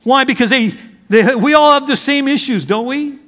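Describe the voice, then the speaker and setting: High-voiced male pastor in an echoing hall. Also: moderate pace, fairly bright tone. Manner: conversational preaching with audience questions and humor. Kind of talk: sermon.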